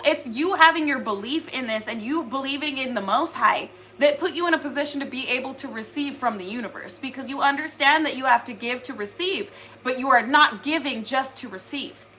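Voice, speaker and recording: A woman with a high, bright, clear-toned voice talks straight to her viewers in a loose spiritual monologue. She is earnest and wanders as she talks, leaning on filler words. Faint noise sits under her voice. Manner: earnest, rambling, many "like" fillers. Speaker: spiritual reader.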